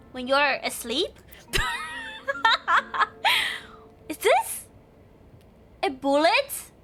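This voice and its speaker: A woman's voice: sits high, fairly bright tone. A young woman streaming a game, thinking aloud in casual chat, giggly and chatty. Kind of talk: casual live game commentary.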